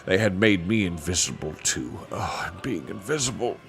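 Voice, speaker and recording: A man voicing a mild, sleepy old male magician who talks in a gentle, chuckling, rambling way. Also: low voice, expressive, moderate pace, gravelly, over music. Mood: genial.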